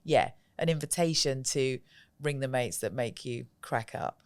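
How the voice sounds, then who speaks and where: A woman with a low, resonant, clear voice, talking casually as a podcast guest. She tells lively stories, acts out what people said and laughs often. The recording is close and dry. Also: unhurried, dry recording. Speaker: podcast guest, joy coach. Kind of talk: casual interview chat.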